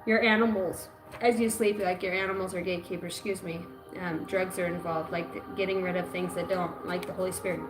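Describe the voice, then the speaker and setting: A woman runs a livestream card reading in a casual, profane way, sometimes slipping into chanting. Her voice sits in a roomy, echoing space. Music plays clearly behind her. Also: on the low side, steady tone, a little fast. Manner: loose, profane, bursts into chanting. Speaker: intuitive card reader.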